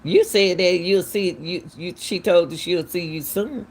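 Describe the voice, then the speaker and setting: A woman's voice: fairly low pitch, a little slow, husky. A woman, hosting casual true-crime commentary, talking emphatically and firing off repeated, incredulous questions. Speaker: commentary channel host.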